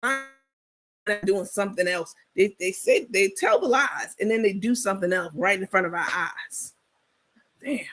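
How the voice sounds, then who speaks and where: A woman's voice: mid-range voice, animated, normal speed, fairly bright tone. A woman hosting a casual livestream, talking bluntly and sassily, cursing freely and laughing often. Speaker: livestream host.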